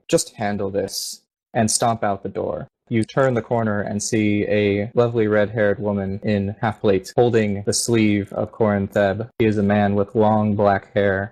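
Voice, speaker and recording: A man narrating a tabletop game as game master, steady and descriptive. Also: lowish voice, poor audio.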